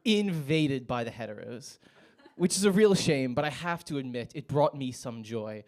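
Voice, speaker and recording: A man's voice: medium pitch, lively intonation, normal speed. A young American man performing a stand-up set in a comedy club, with a wry, self-mocking delivery.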